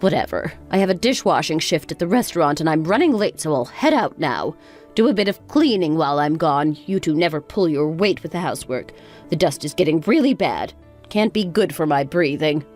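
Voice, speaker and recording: A woman's voice: sits low, expressive, fairly quick, a little mellow. A woman playing a spiteful older mother-in-law. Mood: mocking. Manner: sarcastic, scolding. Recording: faint background music.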